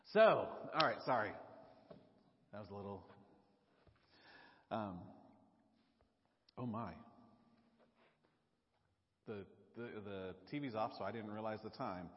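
A man's voice: on the low side, slow pace, long pauses. A man with a Southern drawl preaches in a loose, conversational way, stopping and restarting his thoughts. His voice carries a long echo through a church hall, and the live recording sounds a little muffled. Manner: casual, chatty, self-interrupting. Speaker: pastor. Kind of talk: sermon. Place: church sanctuary.

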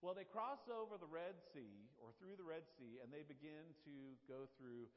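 A male pastor preaching a sermon, retelling scripture in a relaxed, conversational way. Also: a little high, moderate pace, a little hiss or hum. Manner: conversational storytelling, paraphrasing scripture in casual words. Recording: dull lo-fi sound with long hall reverb.

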